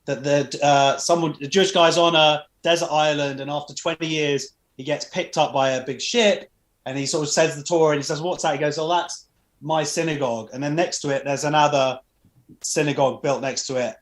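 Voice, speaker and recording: A man's voice: a little high, fairly even intonation, a little fast, echoey room. A man chatting as a comedian guest, telling a joke in a storytelling way. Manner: tells jokes in a storytelling way.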